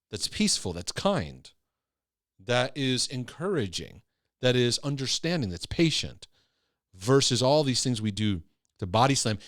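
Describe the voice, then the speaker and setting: Man, Christian teacher, emphatic teaching talk, lively swinging pitch, dry close sound, repeats key phrases. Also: no room sound. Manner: emphatic, repeats key phrases, often asks "right?" and "okay?". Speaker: Christian teacher and former pastor.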